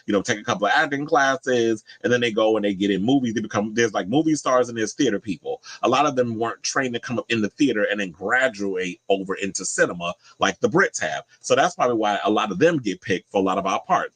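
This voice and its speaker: A man's voice: fairly low pitch, a bit bright, no echo, low-quality recording. A man giving casual pop culture commentary in a blunt, profane, opinionated way.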